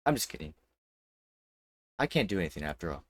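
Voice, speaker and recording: A man's voice: deep voice, very animated, brisk, a little hiss or hum. A man reading aloud the lines of a lovestruck, possessive teenage girl from a visual novel, moving between teasing and anguish. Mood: playful. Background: loud game music.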